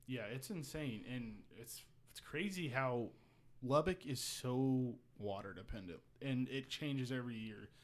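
A man's voice: medium pitch, unhurried. A man from Texas with a Texan accent, co-hosting a casual outdoors podcast and explaining things at length. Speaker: podcast co-host.

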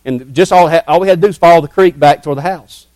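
A middle-aged man, telling a childhood story in a sermon in a folksy, dramatic way that drops to hushed tones. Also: fairly high pitch, fast talker, no echo. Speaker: preacher telling a testimony.

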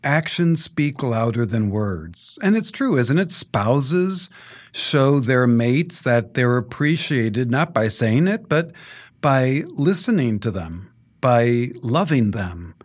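A man's voice: medium pitch, expressive, slow. A middle-aged male priest reading scripture and preaching in a conversational storytelling way, chuckling often.

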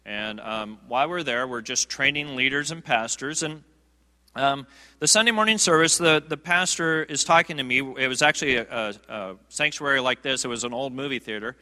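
A man's voice: mid-range voice, moderate pace, pushed and bright. A man preaching a sermon, telling a humorous, self-deprecating story with frequent fillers and restarts. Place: church sanctuary. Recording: long reverb of a large sanctuary.

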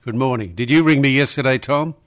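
A man's voice: mid-range voice, brisk, fairly bright tone. A man hosting talk radio, blunt and dismissive with a dry manner. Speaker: radio host.

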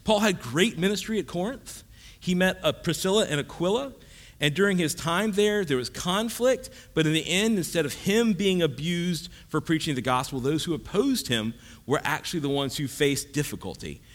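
A male pastor delivering a sermon, his slightly high voice swinging widely in pitch. He teaches in a relaxed, conversational way, dropping jokes and asides as he goes. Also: moderate pace.

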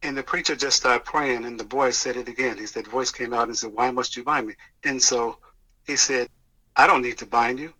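A man recounts something he lived through in an earnest, halting way, restarting words and voicing the people in it. His tone is bright and forceful while his pitch sits in a middle range. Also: fairly even intonation, rough recording. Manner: earnest, halting retelling with restarts and quoted dialogue. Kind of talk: personal testimony storytelling.

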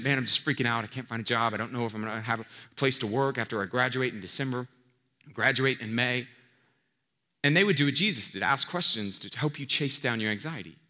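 A pastor with a medium-pitched voice preaches a sermon conversationally, posing rhetorical questions and swinging between loud emphasis and quiet asides. The recording has the long reverb of a large hall.

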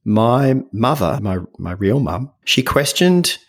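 A middle-aged man, a guest author in an interview, speaking in a gentle, earnest way about self-awareness and telling stories with lively energy. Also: medium pitch, slow. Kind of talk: reflective interview talk.

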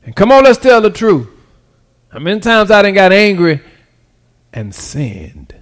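A pastor with a high voice preaches briskly, checking in with his congregation through call-and-response. He swings from near-whispered asides to loud, excited, shouted peaks, using loose, casual vernacular grammar.

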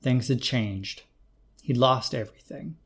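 A male host narrating a written short story in a calm, measured reading voice at a middle pitch. The delivery is even and unhurried, a plain storytelling read. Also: breathy edge.

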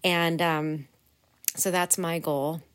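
A woman's voice: sits low, steady tone, slow, clear, resonant tone. A woman hosting her own podcast, talking casually and earnestly with many fillers and small laughs. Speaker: podcast host. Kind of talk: casual solo podcast talk.

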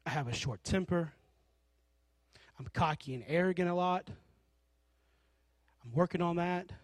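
A man with a high voice preaches a sermon, telling stories and slipping into the voices of the people in them. His delivery is animated and conversational, with no room echo at all. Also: measured pace. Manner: animated storytelling, acting out characters.

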